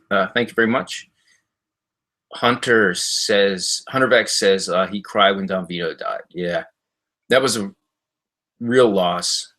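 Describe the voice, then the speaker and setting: A middle-aged man talking casually to viewers on a livestream from his home library, telling stories in a rambling, halting way with lots of fillers. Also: a bit bright. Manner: jumps high when mimicking others in stories. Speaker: livestream host answering viewer comments. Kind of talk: casual livestream chat and storytelling.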